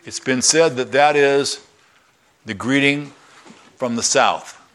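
A man preaching a sermon in a church, his voice bright and forceful at a middling pitch. He talks in a folksy way and grows animated, breaking into excited shouts. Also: slow. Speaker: pastor.

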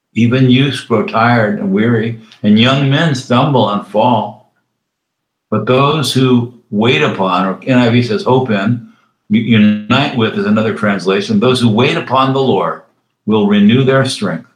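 Man preaching in a roomy echo. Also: medium pitch. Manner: reads scripture slowly, then adds quick conversational asides. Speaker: pastor. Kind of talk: sermon.

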